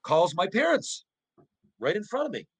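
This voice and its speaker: With a high, husky voice at normal speed, a middle-aged former pro hockey player tells stories as a podcast guest. He's animated and profane in casual conversation, restarting frequently and asking rhetorical questions, captured in a rough recording.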